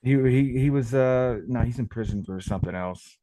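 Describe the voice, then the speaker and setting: A man's voice: mid-range voice, moderate pace, dark tone, slight background noise. A man calling in to a talk show, telling long rambling stories and swearing constantly. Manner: profane, rambling storytelling. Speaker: caller. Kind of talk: casual call-in chat.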